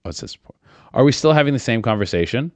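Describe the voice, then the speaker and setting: A podcast host in his thirties talks fast and animated in a mid-range voice, captured on a studio mic without echo. His rambling is crude and profane, riddled with fillers and restarts.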